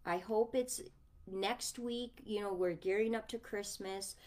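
A woman's voice: mid-range voice, steady tone, a little slow, a little mellow. A mother chatting casually to her viewers on a livestream, rambling and affectionate.

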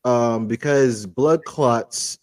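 A young man, co-hosting a family podcast in a relaxed, halting way. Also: mid-range voice, no echo. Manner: relaxed, hesitant, many fillers and restarts. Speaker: co-host. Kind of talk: casual family podcast chat.

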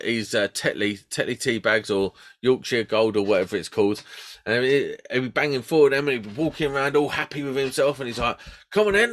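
A man's voice: medium pitch, fairly bright tone. A man, chatting casually and telling stories as podcast co-host. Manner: chatty storyteller, laughs often. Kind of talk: casual chat.

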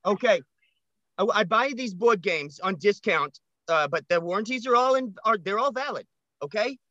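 A man's voice: high-pitched, lively intonation, normal speed, pushed and bright, dry recording, lo-fi sound. A man voicing a flustered, creepy man who stammers and wheedles.

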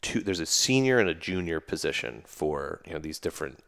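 A man with a very low, deep voice, speaking as a guest and army veteran. He tells stories in a loose, rambling way, with plenty of fillers and false starts. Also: very animated, brisk, vocal fry, fairly bright tone. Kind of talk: casual conversational storytelling.

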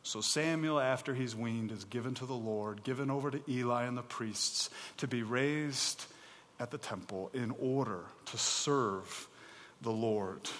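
A man's voice: mid-range voice, unhurried, fairly bright tone. Man preaching in a reverberant hall. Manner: conversational, emphatic preaching with casual asides. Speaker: pastor. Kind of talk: sermon.

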